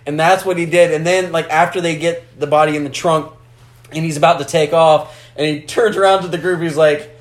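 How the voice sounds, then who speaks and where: A man chats loosely about a film, rambling and swearing as he goes. His voice sits a bit high for a man and echoes around the room he's recorded in. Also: steady tone, brisk. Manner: rambling, swears freely, acts out characters. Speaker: podcast co-host. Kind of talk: casual chat about a film.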